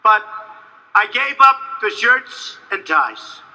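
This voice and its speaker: A man giving a rambling, boastful campaign rally speech, repeating himself and sometimes shouting. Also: high voice, very animated, takes it slowly, gravelly, poor audio. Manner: shouts at times to a crowd. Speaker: political candidate.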